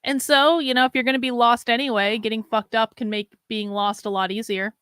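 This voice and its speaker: A woman host talks bluntly to her chat in a bright, forceful voice, swearing casually as she goes. Her voice sits fairly high, and the sound is dry and close. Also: little pitch movement, brisk, smooth, no echo.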